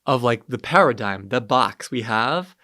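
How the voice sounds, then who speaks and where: A man's voice: medium pitch, lively intonation, measured pace, bright, forceful tone, no room sound, clean studio sound. A man talking as a podcast guest in a casual, reflective way, full of "like"s. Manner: reflective, hedging with many "like"s. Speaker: podcast guest, wellness practitioner.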